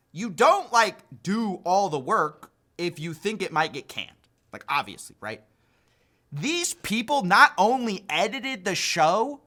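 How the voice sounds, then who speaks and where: This man's voice sits high with a sharp tone. He hosts an online commentary video, sounding incredulous and mocking as he laughs at the news.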